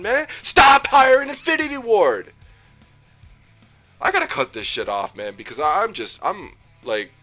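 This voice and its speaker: A man ranting about a video game, heated and profane, swinging between loud outbursts and low muttering. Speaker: gaming YouTuber. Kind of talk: angry game rant.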